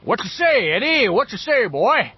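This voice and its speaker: A mischievous boy hams it up in a grandly rolling Southern gentleman drawl, stammering over his own words, as a male narrator puts him on. The voice sits well above a man's usual speaking range and comes out husky. The recording sounds dull and lo-fi. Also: very high voice, big pitch swings, moderate pace, no room sound, voice pushed up, exaggerated voice. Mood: mock-grand drawl. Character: boy doing a booming Southern gentleman cartoon voice.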